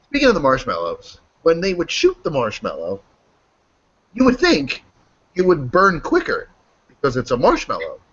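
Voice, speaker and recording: A man hosting a casual podcast chat. His voice is slightly husky and his talk is loose and joking, full of swearing. The recording sounds a bit dull. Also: on the high side, huge pitch swings, moderate pace, fairly bright tone. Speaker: podcast host.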